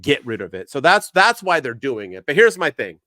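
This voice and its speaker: A man co-hosting a wrestling podcast, talking in animated, ranting bursts. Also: mid-range voice, normal speed, no echo, clean studio sound. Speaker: podcast co-host. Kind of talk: casual podcast chat.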